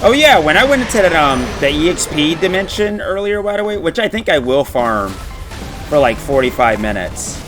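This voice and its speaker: A man's voice: fairly high pitch, big pitch swings, normal speed, over music. A man chatting casually while playing a game, laughing often and swearing freely. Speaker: gaming streamer. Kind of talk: casual chat while gaming.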